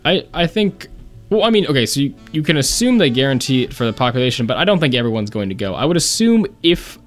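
A young man co-hosting a college radio show, making dry, deadpan quips during casual chat. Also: medium pitch, fast talker, faint music behind. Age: young adult.

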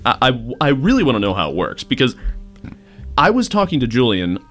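A young man hosting a college radio show, chatting casually and excitably with his co-host in the studio. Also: mid-range voice, fairly quick, faint music behind. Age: young adult. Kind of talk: casual on-air chat.

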